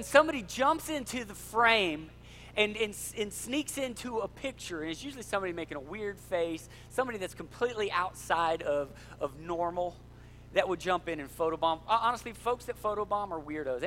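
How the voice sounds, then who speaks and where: A middle-aged male pastor, preaching an animated sermon in a church and joking with the congregation. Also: high-pitched, brisk, a little hiss or hum. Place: church sanctuary.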